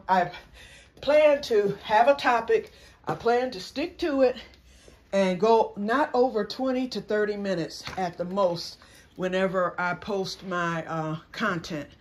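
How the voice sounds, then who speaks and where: Outdoors in a wooded yard, this fifty-something vlogger chats to camera in a mid-range, fairly bright voice. The talk rambles and jumps between subjects.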